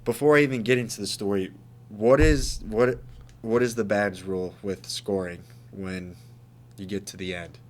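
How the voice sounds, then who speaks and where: Young male podcast co-host, low voice, rowdy storyteller. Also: normal speed. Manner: animated, swearing, laughing while telling stories. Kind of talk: casual storytelling chat.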